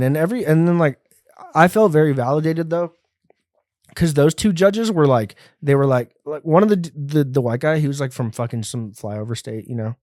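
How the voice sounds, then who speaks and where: Profane, rambling podcast host. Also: male voice, a little high, moderate pace, darkish tone, no room sound, studio quality. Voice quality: sounds like a white guy, by his own account. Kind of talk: casual rant.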